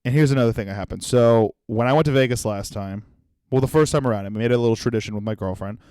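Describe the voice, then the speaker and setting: A young man from Florida, a comedian hosting his own podcast, ranting in a loud, profane, animated way and acting out little voices. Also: mid-range voice, fast talker, clean tone, no echo. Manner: animated, profane, yelling rant with acted-out voices. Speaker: comedian host.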